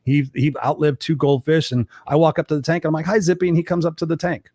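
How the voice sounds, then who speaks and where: Fast-talking blunt male coach, dry sound. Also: a little high, dry recording. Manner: blunt, swears freely, animated storyteller. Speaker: executive coach, guest. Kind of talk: candid interview talk.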